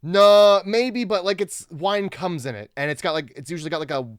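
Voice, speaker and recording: A man with a smooth, clear, somewhat high voice chats loosely about a movie on a podcast, rambling and searching for words. The sound is dry and close. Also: normal speed, no room sound. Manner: rambling, puts on goofy voices. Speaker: podcast co-host. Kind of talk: casual movie chat.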